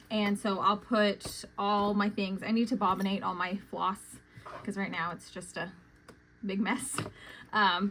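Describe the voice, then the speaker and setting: A young adult woman, chatting casually about her cross-stitch projects, with lots of "um" fillers and quick, self-conscious talk. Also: medium pitch, a bit bright, a little hiss or hum, rough recording. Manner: chatty, many "um" fillers, says she talks fast. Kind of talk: casual chat.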